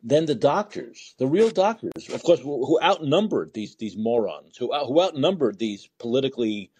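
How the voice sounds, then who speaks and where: A man's voice: mid-range voice, lively intonation, moderate pace, darkish tone, breathy edge, dry recording. A man hosting a podcast, talking in an emphatic, opinionated way and often repeating words as he builds a point. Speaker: podcast host. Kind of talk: opinionated conversation.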